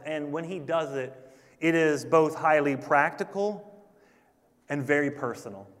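Earnest preaching man, reverberant hall. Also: a little high. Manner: earnest, emphatic preaching with repetitions. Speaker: pastor. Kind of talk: sermon.

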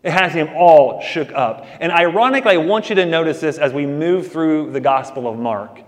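Male pastor, slightly high voice, conversational sermon delivery, long hall reverb. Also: lively intonation, normal speed. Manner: conversational preaching with asides.

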